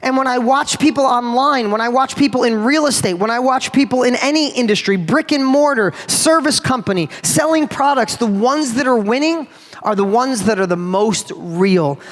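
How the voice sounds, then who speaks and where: A man giving an energetic, emphatic motivational talk live to an audience, speaking to the crowd directly. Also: sits high. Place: large event hall before a live audience.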